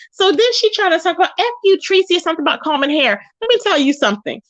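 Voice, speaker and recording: Sassy high-voiced woman ranting. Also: sing-song, no room sound. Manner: sassy, confrontational, drawn-out emphatic phrases. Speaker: YouTube commentary host. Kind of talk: casual commentary rant. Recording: dull, lo-fi, dry.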